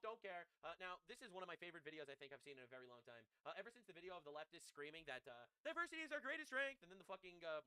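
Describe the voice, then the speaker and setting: Fast, animated, profane streamer man. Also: high-pitched, smooth, dry recording, rough recording. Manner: profane, mocking, excitable. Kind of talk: ranting live-stream commentary.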